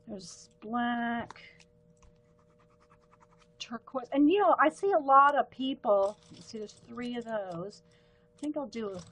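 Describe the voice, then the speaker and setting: A woman's voice: on the high side, low-quality recording. A woman, chatting casually on a live stream while sorting and showing her pens. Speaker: livestream host.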